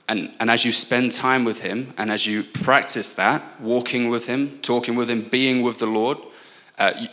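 A man in his twenties with an English accent, preaching as a guest speaker, earnest and prone to quick asides and restarts. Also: on the low side, fairly bright tone. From England. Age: 20s. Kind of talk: sermon.

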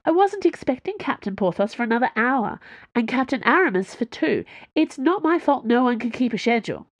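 Woman playing a curt young woman fixer, snappy, brighter pitch, dry close sound. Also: very animated, a little fast, no echo. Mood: brisk. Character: sharp-tongued young female tech tinkerer.

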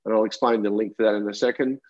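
A man, a guest on a podcast, talking in a friendly, halting way with lots of fillers and restarts. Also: on the low side, steady tone, a little mellow, lo-fi sound. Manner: hesitant, many ums and restarts, friendly. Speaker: podcast guest, wine entrepreneur. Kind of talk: casual interview conversation.

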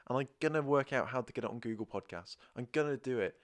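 A man's voice: mid-range voice, expressive, fast talker. A man co-hosting a podcast, chatting casually in an upbeat way. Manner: chatty, upbeat sign-off patter. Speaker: podcast co-host. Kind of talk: casual chat.

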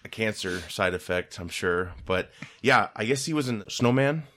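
A man's voice: lowish voice, animated, normal speed, sharp tone. A man co-hosting a podcast, chatting casually about movies, rambling and laughing often. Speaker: podcast co-host.

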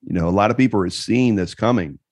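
A male host with a very deep, low voice leads a casual interview, relaxed and encouraging. His voice sounds dry and close, with no room around it. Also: fast, dry recording.

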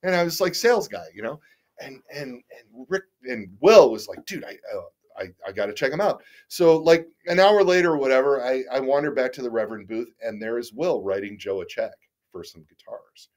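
A man's voice: medium pitch, normal speed, a little mellow. Rambling middle-aged man telling stories. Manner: rambling, frequent restarts and stammers; candid, self-deprecating, casually swears. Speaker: guest. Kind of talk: casual interview storytelling.

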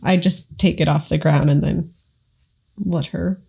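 A woman's voice: low voice, steady tone, measured pace, creaky, mellow, breathy edge. A woman playing a tabletop game, asking tentative questions. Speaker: player. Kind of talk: casual chat.

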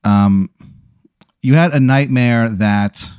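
In a smooth, mid-range voice and at a slow pace, a male podcast host works through an improvised comedy bit as an animated, rambling storyteller who slips into goofy voices. The studio-quality audio has no room sound.

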